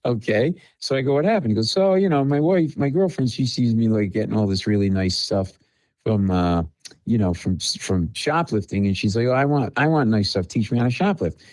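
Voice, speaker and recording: At a fairly quick clip and a medium pitch, a male comedian guest recounts stories on a podcast, voicing the dialogue in lively fashion. There's no echo, but the recording quality is low.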